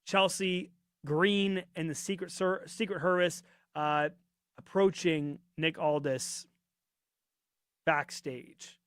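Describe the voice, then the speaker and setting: Chatty podcast host, dry close mic. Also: male voice, a little high, fairly even intonation, slow, pauses often, fairly bright tone, clear, resonant tone, no echo. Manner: chatty and rambling, reads viewer comments aloud. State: voice getting worn out. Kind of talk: casual live-stream chat.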